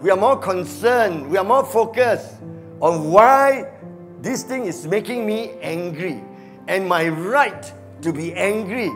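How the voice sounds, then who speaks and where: A male pastor with a Malaysian English accent preaches in a high, unhurried voice. He is animated and slips into quiet muttered asides. Soft music plays faintly behind him. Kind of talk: sermon. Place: church.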